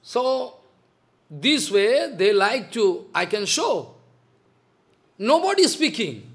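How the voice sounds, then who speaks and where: A man's voice: high-pitched, big pitch swings, takes it slowly. Impassioned older man scolding in a lecture. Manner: impassioned, scolding, repeats rhetorical questions. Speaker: spiritual teacher. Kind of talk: devotional lecture.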